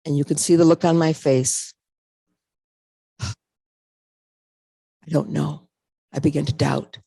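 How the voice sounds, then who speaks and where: A woman's voice: low voice, steady tone, normal speed, vocal fry, mellow, no room sound. An older woman giving a motivational talk, telling her story and acting out her own reactions. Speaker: speaker.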